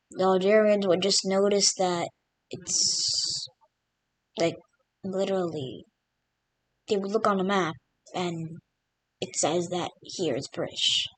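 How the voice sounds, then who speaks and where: A map video creator narrates casually over a map in a lowish, slightly rough voice. She rambles, packing her speech with fillers like "literally" and "like."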